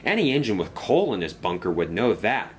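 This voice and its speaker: A man voicing a kind, wise male engine who speaks gently and reasonably. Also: lowish voice, big pitch swings, brisk, slight background noise.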